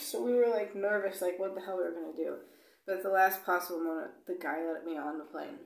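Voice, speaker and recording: A woman vlogger with a lowish, vocal-fry voice tells a travel story fast and bluntly, swearing freely and peppering it with "like" and "you know." She acts out the dialogue as she retells it. The room is echoey, with slight background noise.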